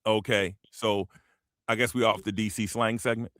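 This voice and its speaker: A man in his fifties from the Washington, D.C. area, telling stories in a casual panel chat, animated and slang-heavy. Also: lowish voice, moderate pace, heavy background noise. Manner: animated storyteller, slang-heavy, acts out quotes. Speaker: panel host.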